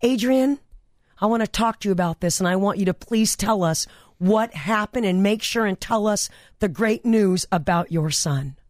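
A woman's voice: mid-range voice, normal speed, dry recording, clean studio sound. A woman hosting a radio talk show, telling stories in a chatty, enthusiastic way. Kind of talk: casual radio monologue.

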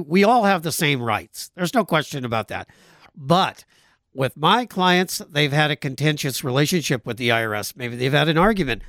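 A man's voice: fairly high pitch, fairly bright tone, dry recording. Tax guy on a radio show, earnest, explains stuff, dry close mic. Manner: earnest explaining with small restarts. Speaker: tax professional guest.

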